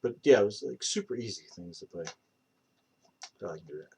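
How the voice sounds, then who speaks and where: A man's voice: on the low side, expressive, brisk, a little mellow, a little hiss or hum. A young man on a live stream who rambles casually, with many fillers and restarts. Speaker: streamer practicing accents.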